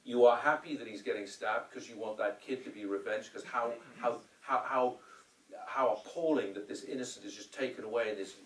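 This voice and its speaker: A man's voice: mid-range voice, a little fast. A man who is a film director, answering audience questions at a live Q&A after a screening, rambling with hesitations and acting out quotes. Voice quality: rambling, full of restarts and hesitations. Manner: animated storyteller who acts out quotes. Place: cinema screening room. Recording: roomy hall, distant mic, faint ambience.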